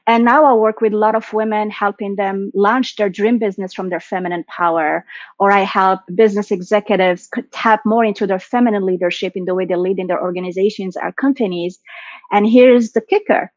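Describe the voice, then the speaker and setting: A woman's voice: medium pitch, fairly even intonation, brisk, dry recording. Earnest woman coach, dull dry audio. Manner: flowing, earnest, heavy use of "like" and "right?". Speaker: guest, coach for women and executives. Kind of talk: casual conversational interview.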